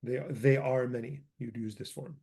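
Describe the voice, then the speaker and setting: A man's voice: medium pitch, steady tone, moderate pace, creaky, mellow, slightly rough. A man teaching a grammar lesson, explaining words patiently and often stopping to correct himself. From Chaldean community. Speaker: language teacher.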